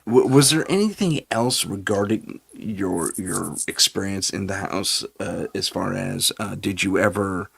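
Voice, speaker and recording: A man's voice: fairly low pitch, gravelly, fairly bright tone, slightly rough. A man hosting a casual interview, asking loose questions and giving short replies. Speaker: podcast host.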